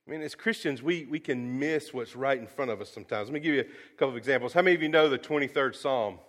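A middle-aged man preaching a sermon, folksy and storytelling, swinging between lively asides and quiet, earnest drops. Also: medium pitch, fast. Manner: folksy, storytelling, animated with sudden soft drops. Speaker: pastor.

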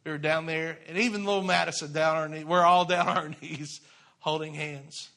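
A man preaching in church, telling his own conversion story, moving from hushed confession to loud, fervent exhortation. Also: fairly high pitch, steady tone, brisk, vocal fry. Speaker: preacher sharing testimony. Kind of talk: sermon testimony. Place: church sanctuary.

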